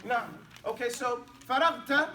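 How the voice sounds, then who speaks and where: A man's voice: very high voice, fast talker, far from the mic, a crowd in the background. A man teaching an Arabic class in a casual, chatty way. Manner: casual, mixes English and Arabic drills.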